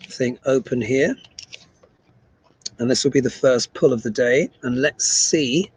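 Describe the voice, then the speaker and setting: A man's voice: mid-range voice, darkish tone, breathy edge, rough recording. A man hosting a casual astrology and tarot livestream, chatting and reading viewer comments aloud. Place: small desk in a humid room abroad.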